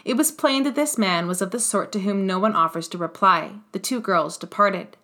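A woman narrating a classic novel in an audiobook, measured and expressive. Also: medium pitch.

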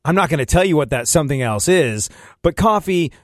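A man's voice: fairly high pitch, lively intonation, brisk, no room sound, clean studio sound. A man hosting a podcast, chatting casually, rambling and laughing often. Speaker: podcast host. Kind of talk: casual chat.

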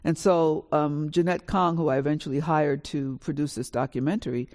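A woman in her sixties shares her family story on stage at a live panel. She is from New York and speaks with lively, animated energy. She acts out the dialogue as she goes. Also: low voice, normal speed. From New York, USA. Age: 60s. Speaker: author on a panel. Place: college auditorium with a live audience.

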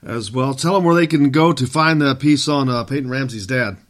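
A man's voice: medium pitch, brisk. A man hosting a sports radio show, chatting with a guest and then reading a scripted sign-off in a friendly, upbeat way. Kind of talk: casual talk and scripted sign-off.

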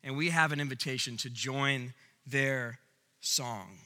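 A male pastor preaching a sermon, animated, swinging between loud emphasis and hushed lines. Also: mid-range voice, a little slow. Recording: long reverb of a large hall.

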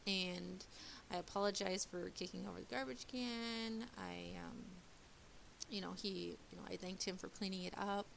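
A woman in her thirties, a mother, telling a personal story in a candid, halting way with many pauses and restarts. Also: mid-range voice, very animated, vocal fry, a bit bright, a little hiss or hum. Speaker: mother sharing her day.

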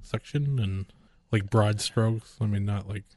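A man casually chatting about a film he loved, lively, swearing often and laughing. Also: fairly low pitch, unhurried, no room sound. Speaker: podcast co-host. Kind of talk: casual film review chat.

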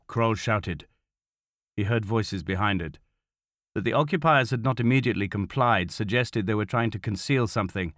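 Recorded with studio quality and no echo, a man with a fairly low voice reads an audiobook script at a steady, measured pace.

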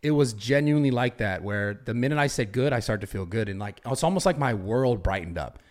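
A young podcast host tells a story animatedly in casual chat, swearing a lot and restarting his sentences. His mid-range voice moves fairly quickly with lively intonation.

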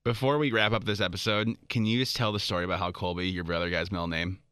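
Quick, bright-voiced man asking questions. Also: sits low, steady tone, clean tone, no echo, studio quality. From Minnesota. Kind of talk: casual chat.

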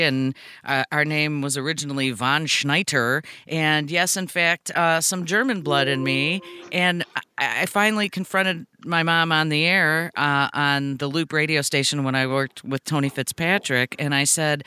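A woman co-hosting a podcast, telling family stories in casual, animated chat. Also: low voice, normal speed, smooth, no echo, studio quality. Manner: chatty storyteller, animated retelling. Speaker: podcast co-host.

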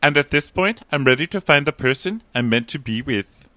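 A man's voice: fairly high pitch, expressive, a little fast, bright, forceful tone, no echo, pitched above the performer's own voice. A man voicing a cocky young gym buff who sounds self-satisfied and out of breath from exercise. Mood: smug.

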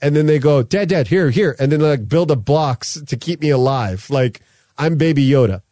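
Rambly podcast guy telling stories about his kids, mellow voice, dry mic. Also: on the high side, lively intonation, normal speed, no room sound. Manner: rambling storyteller, acts out his sons' voices. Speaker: podcast host. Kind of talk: casual chat.

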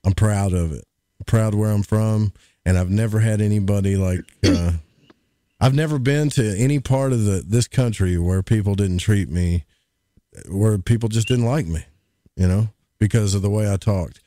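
Man, casual podcast chat, low voice, dry close sound. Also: moderate pace, mellow, no echo. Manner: folksy, rambling, jokey. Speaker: podcast co-host.

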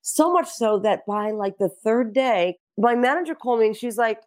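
A middle-aged woman telling animated stories in casual chat, swearing freely and acting out quotes. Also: on the high side, moderate pace. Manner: animated storyteller who swears and acts out quotes. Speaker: guest.

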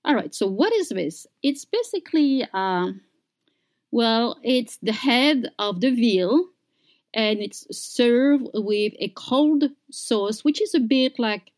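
A woman teaching pronunciation, saying each word slowly and clearly and repeating it for learners. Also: fairly high pitch, lively intonation. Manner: slow, deliberate, repeats words for learners. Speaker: French teacher. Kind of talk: slow pronunciation lesson.

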